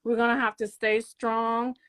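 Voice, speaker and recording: A woman hosting her own channel, speaking slowly in a halting, emotional monologue full of fillers and restarts. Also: a little high, level tone, fairly bright tone, clean tone. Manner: halting, repetitive, many fillers. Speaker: channel host.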